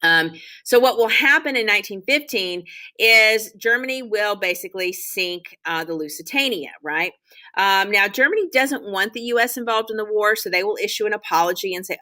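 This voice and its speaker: A woman's voice: mid-range voice, animated, normal speed, pushed and bright. A woman teaching a history lecture in a loose, conversational way, with frequent ums and restarts. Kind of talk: classroom lecture.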